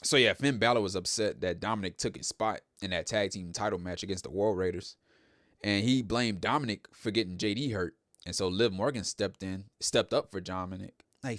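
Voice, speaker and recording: A man's voice: fairly low pitch, fairly quick, fairly bright tone, dry recording, studio quality. A man hosting a show, giving a casual, rambling recap of a wrestling broadcast and repeating himself often. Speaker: host.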